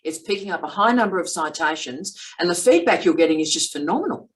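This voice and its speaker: A woman's voice: fairly low pitch, animated, fast talker, low-quality recording. A middle-aged woman hosting an academic chat, praising her PhD student in an effusive, emphatic way. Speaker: vlog host and PhD supervisor. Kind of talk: casual academic conversation.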